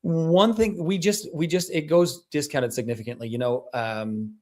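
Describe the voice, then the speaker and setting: A man's voice: a little high, steady tone, normal speed, a little mellow. A male wellness podcast co-host who explains his points through patient stories in a casual, conversational way, with frequent restarts. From Southern Utah.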